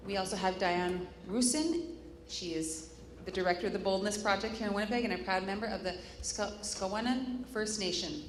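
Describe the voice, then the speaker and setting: A woman's voice: medium pitch, brisk. A woman moderating a live conference panel, introducing the speakers in a chatty way with joking asides and stumbles over names. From Canada. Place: conference hall. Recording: echoey hall, faint room noise.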